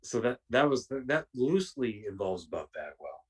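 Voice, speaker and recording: A man telling profane, rambling anecdotes in a casual podcast chat, slipping into quick impressions of other people. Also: mid-range voice, sing-song, slightly rough, recorded from a distance. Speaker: podcast guest.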